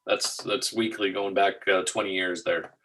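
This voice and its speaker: A man's voice: deep voice, steady tone, unhurried, pushed and bright, slight background noise, rough recording. A man co-hosting a markets talk show, chatting casually and walking through charts in a matter-of-fact way.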